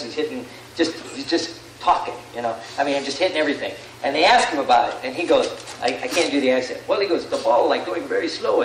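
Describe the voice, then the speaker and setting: A man's voice: medium pitch, a little hiss or hum. Rambling man lecturing in an echoey hall. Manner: animated, rambling, asks "right?" often. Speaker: seminar speaker. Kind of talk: live seminar talk to an audience. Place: large room with an audience. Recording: echoey room, far from the mic.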